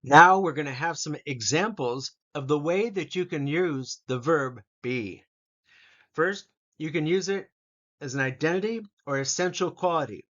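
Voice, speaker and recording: A man teaching an English grammar lesson, reading example sentences slowly and deliberately so learners can repeat after him. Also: a little high, sharp tone, highs cut off.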